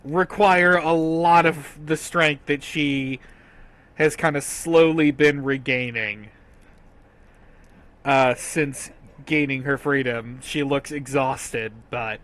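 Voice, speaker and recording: A man's voice: fairly high pitch, fairly even intonation, takes it slowly, fairly bright tone. A man narrating a tabletop game as game master, easygoing and hesitant, laughing often.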